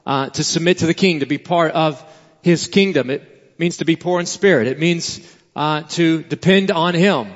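A man's voice: a little high, highs cut off. Man preaching in a reverberant hall. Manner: earnest, emphatic preaching with pauses and repeated phrases. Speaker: pastor. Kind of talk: sermon. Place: church sanctuary.

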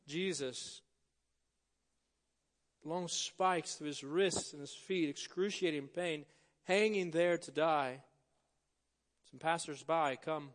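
A male pastor in his thirties giving an earnest sermon in church, swinging from emphatic peaks to soft, low stresses. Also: long reverb tail. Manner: earnest preaching, rising to emphatic stresses then dropping soft. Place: church sanctuary.

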